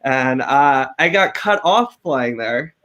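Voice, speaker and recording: A young man co-hosting a podcast, chatting casually and telling animated, camp stories. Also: medium pitch, takes it slowly. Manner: animated, camp storytelling with acted quotes. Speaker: podcast co-host. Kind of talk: casual chat, storytelling.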